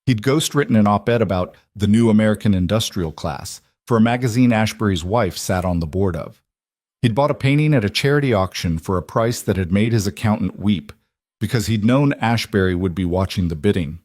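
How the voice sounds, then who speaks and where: Male narrator for an audio story, low and steady, bone-dry close recording. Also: fairly quick, dry recording.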